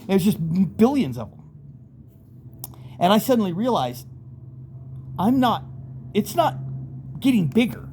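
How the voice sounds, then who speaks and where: A man's voice: high voice, big pitch swings, unhurried, long pauses, a little mellow, a little hiss or hum. A man casually telling a rambling, vivid first-person story, acting out voices in sudden bursts.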